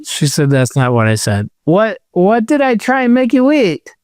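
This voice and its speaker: A man's voice: high voice, huge pitch swings, moderate pace, darkish tone, smooth, no echo, studio quality. A man co-hosting a podcast in casual chat, rambling and jokey. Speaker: podcast co-host.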